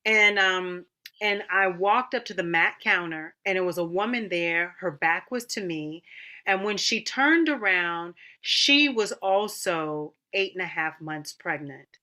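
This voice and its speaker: Warm, chatty and animated, this woman tells her story to a panel with a bright, sharp tone sitting a little low in her range. She drops in "honey" and "girl" as she goes, like talking to friends. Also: measured pace. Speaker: opera singer and mother. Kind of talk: casual panel chat.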